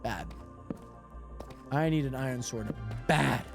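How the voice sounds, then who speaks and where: A young man live-streaming a game, chatting excitably to his viewers and greeting them by name, with lots of "like" and "hold on". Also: mid-range voice, slow pace, vocal fry, soft background music. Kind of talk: casual livestream chat while gaming.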